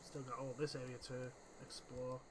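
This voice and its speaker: A man's voice: mid-range voice, little pitch movement, moderate pace, background noise. Chatty man narrating gameplay. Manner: chatty, muttering to units and himself. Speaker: gaming channel host. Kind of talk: casual let's-play commentary.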